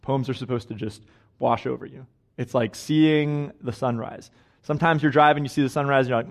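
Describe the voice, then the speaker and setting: A man's voice: medium pitch, brisk. Chatty, self-mocking young male preacher. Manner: chatty and self-deprecating, laughing at his own stories. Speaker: guest preacher. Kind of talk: casual conversational sermon. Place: church sanctuary.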